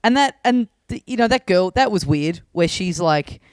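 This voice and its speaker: A man co-hosting a comedy podcast from a remote call, giving measured opinions with many hesitations. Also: high voice, lively intonation, no room sound. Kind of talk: casual chat.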